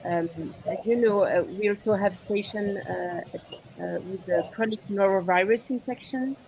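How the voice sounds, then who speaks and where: French-accented woman, halting speech. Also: mid-range voice, a little mellow, slight background noise, poor audio. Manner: halting, frequent "uh" pauses. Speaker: speaker. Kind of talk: online medical discussion. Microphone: video call.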